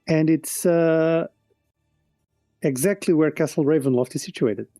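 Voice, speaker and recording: Dark-voiced man running a tabletop game. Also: on the high side, measured pace, dry recording, soft background music. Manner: relaxed, with frequent ums and restarts. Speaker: game master.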